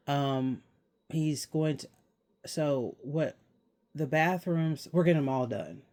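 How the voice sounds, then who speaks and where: A man's voice: fairly high pitch, slow, long pauses, warm tone. A young man talking casually to his viewers as the channel host, rambling and laughing as he explains things. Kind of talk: casual vlog chat.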